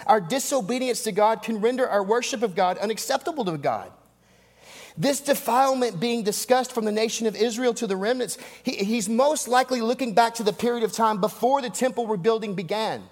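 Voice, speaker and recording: A man preaching a sermon, emphatic and repetitive, with rhetorical asides and dramatic drops in voice. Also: very high voice. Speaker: pastor. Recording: long hall reverb.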